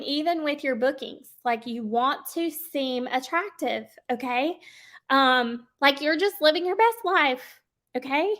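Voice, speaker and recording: A woman's voice: high voice, fairly bright tone. A woman giving a casual sales coaching talk, chatty and checking in with her listeners often. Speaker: sales trainer.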